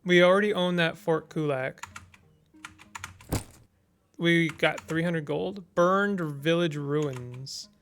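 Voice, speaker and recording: A man's voice: on the high side, takes it slowly, pauses often, fairly bright tone, soft background music. A man casually commenting as he plays a text-based strategy game, reading its text aloud and thinking through his moves with small hesitations.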